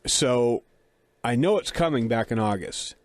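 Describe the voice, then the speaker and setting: A middle-aged man tells a story in a relaxed, chatty way, poking fun at himself and playing out both sides of a conversation. His mouth sounds a little dry. The recording is close and dead, with no room sound. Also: mid-range voice, measured pace, no echo. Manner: chatty, self-deprecating, acts out dialogue. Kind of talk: casual storytelling.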